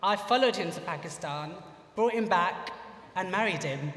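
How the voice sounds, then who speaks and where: A young man from the United Kingdom tells a funny story about himself on stage at a live lecture, chatting away and saying "you know" constantly. His high, expressive voice has a fairly bright tone and a moderate pace, and the recording catches him from far off in an echoey hall.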